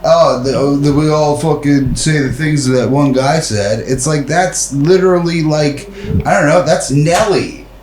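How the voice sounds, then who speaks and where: A man's voice: fairly high pitch, a little slow, a little mellow, echoey room, a little hiss or hum, rough recording. A man co-hosting a podcast in casual chat, joking loosely and laughing often. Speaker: podcast co-host.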